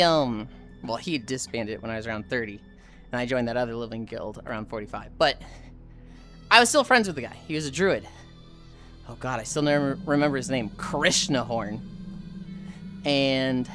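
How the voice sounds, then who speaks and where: A low-pitched woman streamer spins a casual story full of swearing. Her pitch rises and falls a lot as she acts out the people in it. Faint music sits in the background. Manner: animated, profane, acts out voices.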